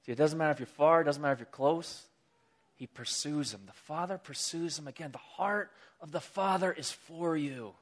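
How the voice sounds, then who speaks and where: Animated casual preacher man. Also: normal speed. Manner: animated storytelling, pitch rising with excitement; casual, chatty asides. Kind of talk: sermon.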